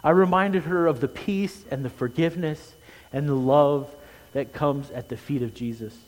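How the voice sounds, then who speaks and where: A man preaching a sermon as pastor, earnest, rising loud and quick for emphasis, then dropping low and quiet. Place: church sanctuary. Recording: long hall reverb.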